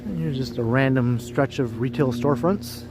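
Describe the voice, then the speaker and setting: A man's voice: mid-range voice, moderate pace, music in the background. A man hosting a casual walking livestream outdoors, chatty and jokey, greeting viewers by name as he walks city streets. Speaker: livestream host. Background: street traffic.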